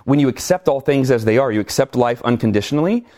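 A middle-aged man talking in an interview, energetic and animated, acting out his own reactions as he tells stories. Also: medium pitch, quick pace. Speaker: guest speaker. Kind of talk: conversational interview, storytelling.

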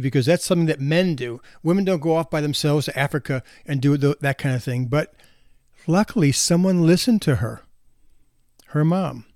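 A man's voice: on the high side, a little mellow, dry recording, studio quality. A man in his sixties, a physician, telling anecdotes about marriage and parenting in a casual way, chuckling now and then. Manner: anecdotal, with laughter and restarts. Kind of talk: casual storytelling talk.

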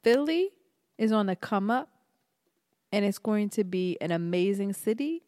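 A woman's voice: mid-range voice, expressive, measured pace, darkish tone, no echo, clean studio sound. A young woman co-hosting a casual podcast chat, teasing her friend with bold, playfully provocative remarks. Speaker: podcast co-host.

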